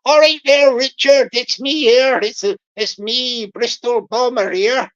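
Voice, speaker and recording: A woman's voice: a little high, fairly even intonation, slow. A woman voicing a wheedling male West Country scammer farmer who begs for money, repeating his pleas in a sing-song way. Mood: cheery. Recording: dull lo-fi recording.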